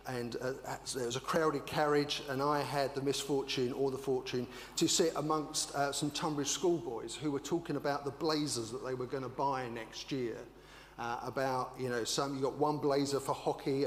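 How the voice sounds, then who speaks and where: An older man, an English minister, preaching a sermon with animated, rhetorical storytelling. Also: medium pitch. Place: church. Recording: echoey church hall with hum.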